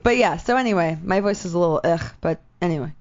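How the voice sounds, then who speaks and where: A woman co-hosting a radio show in casual chat, hoarse and raspy today, talking freely with lots of "like". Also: lowish voice, highs cut off. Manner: chatty, lots of "like", quick asides.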